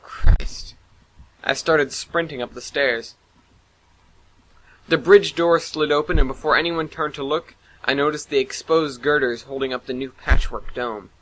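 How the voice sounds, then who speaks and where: A man's voice: a little high, fairly even intonation, normal speed, fairly bright tone, poor audio. A man narrating a first-person science fiction story in an earnest, dramatic reading.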